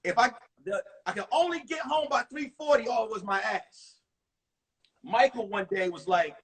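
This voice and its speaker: A male comedian telling animated stories from high school in a one-man show on a livestream. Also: moderate pace, breathy edge. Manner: animated, acts out voices. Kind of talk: stand-up storytelling. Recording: distant mic on a phone livestream.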